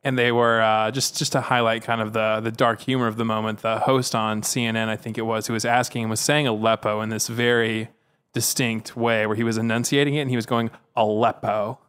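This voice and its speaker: A man's voice: medium pitch, flat delivery, a little fast, fairly bright tone, smooth. A man on a podcast, casually telling a long story with plenty of fillers and asides, now and then mimicking voices. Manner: rambling, with frequent fillers and "if you will"; mimics other people's voices when quoting. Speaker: podcast co-host.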